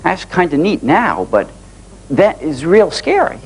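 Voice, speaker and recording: A man in his forties giving a live motivational talk to an audience, telling personal stories in an animated way. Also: a little high, unhurried, husky, poor audio. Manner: animated storytelling, acting out dialogue with rising excitement. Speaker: motivational speaker.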